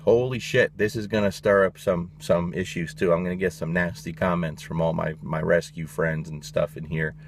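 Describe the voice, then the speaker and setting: Male dog trainer, lowish voice, blunt and emphatic, swears, casual opinion monologue. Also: slight background noise.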